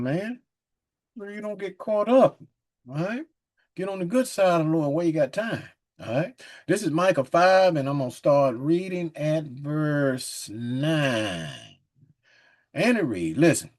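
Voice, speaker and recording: A man teaching from the Bible in a casual, folksy way, reading scripture slowly and breaking in with chuckling asides. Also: a little high, darkish tone. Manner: chuckles often, says "man" and "look" a lot.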